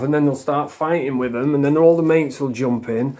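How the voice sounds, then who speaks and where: A man's voice: mid-range voice, a little fast, warm tone. A man with a South Yorkshire accent ranting angrily to camera, swearing heavily and rambling scornfully. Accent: South Yorkshire English. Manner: rambling with mocking put-on voices. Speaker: vlogger. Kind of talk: casual rant to camera.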